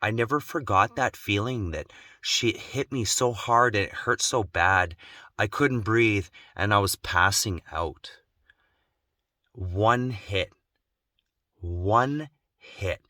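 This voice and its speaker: An adult man telling a personal story in an emotional, intense way, growing slow and quiet at its gravest. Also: fairly low pitch, no room sound, clean studio sound. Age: adult, has children. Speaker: vlogger.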